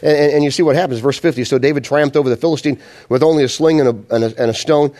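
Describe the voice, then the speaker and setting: A man preaching a sermon, telling the story with animated asides and acted-out quotes. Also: mid-range voice, rapid-fire. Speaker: pastor.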